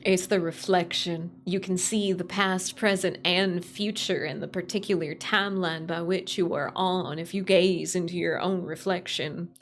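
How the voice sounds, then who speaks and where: A woman's voice: fairly low pitch, fairly even intonation, normal speed, few pauses. A young adult woman streaming, chatting casually with her chat, repeating greetings and laughing often.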